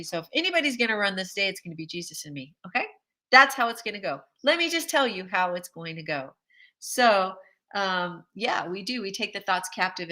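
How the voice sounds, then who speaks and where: A woman with a bright, forward voice giving an upbeat faith-based pep talk. She speaks emphatically, laughs often and acts out small scenes of everyday conversations. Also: fairly low pitch, rough recording. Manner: animated and emphatic, laughing often, acting out quotes. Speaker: host of a faith-based encouragement show.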